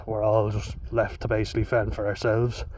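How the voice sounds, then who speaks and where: This Irish man has a lowish voice and a brisk delivery as he vlogs. He swears freely and drifts into chatty tangents in a loose, casual monologue, recorded in dull lo-fi sound with constant background noise.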